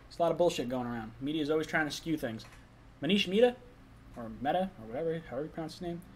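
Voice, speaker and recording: A man's voice: fairly high pitch, animated, racing, husky. A young man hosting a casual live stream, chatting loosely, reading chat messages and talking while eating.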